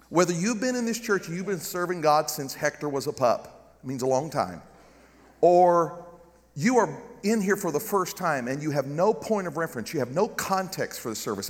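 Southern guy preaching, kinda high voice, jokey and loud, big church echo all around. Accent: Southern American. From United States. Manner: joking, animated preaching with calls of amen. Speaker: guest pastor. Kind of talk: humorous sermon. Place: large church with balcony.

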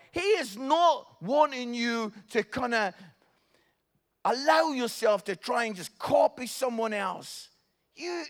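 A man preaching a sermon, telling jokey, animated stories. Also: very high voice.

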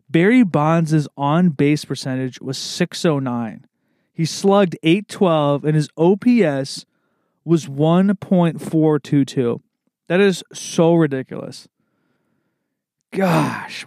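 A young man hosts a loose, rambling solo chat with an easygoing, bro-ish manner, sprinkling "man" and "dude" through every thought. His voice sits a little higher than most men's. The sound is close and dry, with no room echo. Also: darkish tone. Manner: laid-back, rambling, peppers talk with "man" and "dude". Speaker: podcast host.

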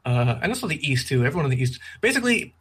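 Casual chatter, Canadian man, husky, quick and slurry, remote call. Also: fairly high pitch, big pitch swings, a bit bright. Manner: fast-talking, slurs words, jokey. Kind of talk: casual chat.

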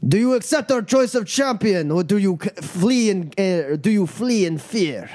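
A man voicing a commanding male satyr chieftain who makes loud ceremonial proclamations. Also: high voice, animated, normal speed, pitched above the performer's own voice.

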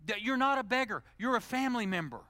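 A middle-aged male pastor delivering a sermon, swinging from loud, emphatic exhortation to hushed, intimate prayer. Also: very high-pitched, quick pace, dry recording. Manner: animated preaching, climbing to loud emphasis then dropping to hushed, intimate prayer.

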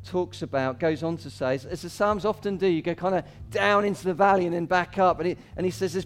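A man preaching as pastor talks fast, with hardly any pauses, keeping a casual tone and laughing between points. Quoted cries make him rise, and scripture draws him low and quiet.

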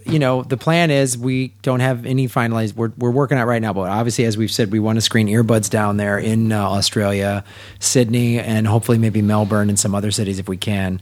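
A man's voice: on the low side, fairly even intonation, a little fast, darkish tone. A man co-hosting a podcast, chatting casually with jokey, rambling asides. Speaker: podcast co-host.

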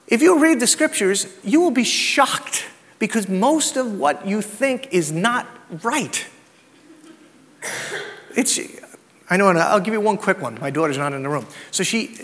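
A man with a high voice preaches to his congregation. His talk is conversational, full of anecdotes and rhetorical questions. The sound rings with the long reverb of a church sanctuary. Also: sharp tone. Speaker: pastor. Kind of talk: sermon.

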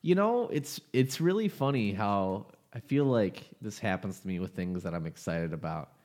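A man's voice: lowish voice, lively intonation, moderate pace, darkish tone. A young man hosting a casual podcast, talking in an opinionated, rambling way. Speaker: podcast host.

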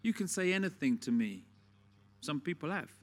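A man's voice: on the high side, big pitch swings, normal speed, faint music behind. A man preaching a sermon in a conversational, storytelling way, often asking the listeners questions.

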